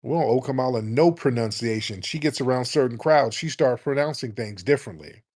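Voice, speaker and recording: Brash, profane talk show host. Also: male voice, mid-range voice, brisk, a little mellow. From United States.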